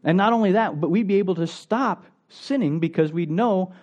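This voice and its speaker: A man preaching a sermon with an easygoing, talky delivery, often turning statements into questions for the congregation. His voice is a touch higher than most men's and mellow. The recording sounds slightly dull and lo-fi. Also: moderate pace, few pauses. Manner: conversational, asks the congregation rhetorical questions. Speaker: pastor.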